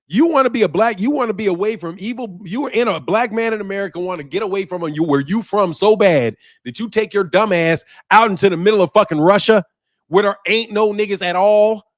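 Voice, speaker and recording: A man's voice: high voice, no room sound, studio quality. A man hosting a casual talk show, speaking bluntly and profanely and laughing at his own points. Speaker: show host. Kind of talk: casual podcast chat.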